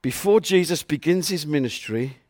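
Male preacher, higher voice, close dry sound, earnest, leans on repeated verses. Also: animated, moderate pace, a little mellow, no echo. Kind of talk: sermon.

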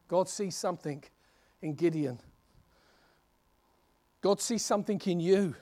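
A preacher delivers a sermon in an animated, conversational way, like telling a story. His voice sits high for a man. He moves freely between asides and direct appeals to his listeners. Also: a little slow, pauses often.

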